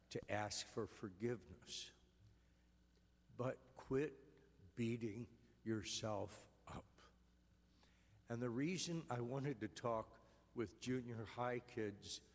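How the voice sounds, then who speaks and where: A man, a priest, giving an earnest, gentle homily in a church. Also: mid-range voice, long reverb tail.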